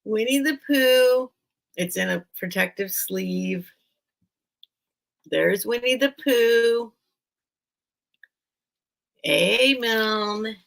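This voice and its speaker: A woman hosting a casual live sale stream, reading a children's book aloud and choking up, with halting restarts. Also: on the high side, creaky. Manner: emotional, choking up while reading; slow, halting, with many restarts.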